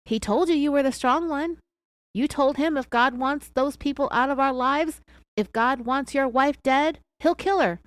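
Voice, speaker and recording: A hard-driving male FBI agent, read aloud by a woman fires accusing questions, his voice pitched up and raised to a shout. The sound is dry and close. He never lets up. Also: normal speed, no echo, lightly acted. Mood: angry, accusing. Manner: yelling, accusing, relentless questioning.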